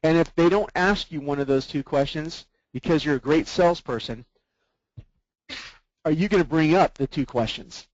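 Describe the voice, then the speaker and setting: A man's voice: fairly high pitch, moderate pace, a little mellow, no room sound, dull audio. Man coaching a sales team by webinar. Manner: keeps checking in with the group through rhetorical questions. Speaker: sales trainer.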